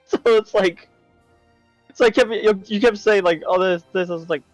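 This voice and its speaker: Lively, animated man at a game table. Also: high voice, a little slow, no echo, soft background music. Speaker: player. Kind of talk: casual game chat.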